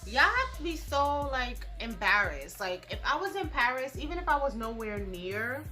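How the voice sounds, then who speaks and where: A woman's voice: fairly high pitch, very animated, moderate pace, bright, forceful tone, soft background music. A young woman vlogging casually while doing her makeup, blunt and profane, full of slang and "like". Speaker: beauty and gossip vlogger.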